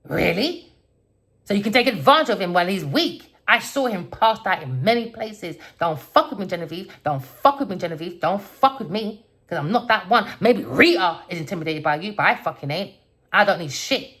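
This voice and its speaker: A woman with a lowish voice delivers a tarot reading as a furious rant. She is profane and confrontational, and drops into mutters before bursting out loud. It sounds like a solo online reading. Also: animated, moderate pace. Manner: angry, profane, confrontational, swings from low mutter to loud outbursts. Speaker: tarot reader. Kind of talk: ranting tarot reading monologue.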